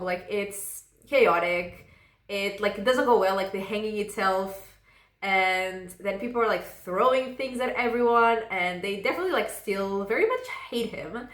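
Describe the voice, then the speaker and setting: This book vlogger's voice is mid-range and a little bright, with reverberant sound. She recaps a novel in a relaxed, rambling way, leaning on "like" to fill pauses.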